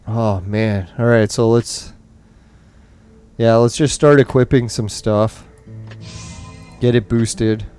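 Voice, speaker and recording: A man's voice: mid-range voice, steady tone, takes it slowly, pauses often, a little mellow, smooth, faint music behind. A man commentating on a mobile game as he plays, ranting angrily and swearing nonstop while in nicotine withdrawal. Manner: angry swearing rant. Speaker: gaming streamer.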